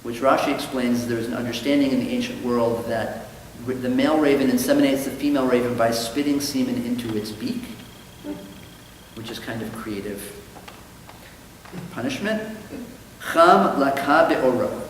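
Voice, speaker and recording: Speaking at a moderate pace in a mid-range voice, a man who is a rabbi runs a chatty Talmud class. Thoughtful in tone, he acts out quoted dialogue from his stories more vividly. The distant mic picks him up in a synagogue study hall full of echo and faint noise.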